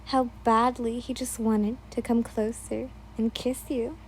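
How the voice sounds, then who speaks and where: A woman reading a second-person fan story aloud, tripping over names and breaking off for quick asides. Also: on the high side, little pitch movement, slight background noise, low-quality recording. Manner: stumbles over names, laughs and adds asides. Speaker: fan fiction reader.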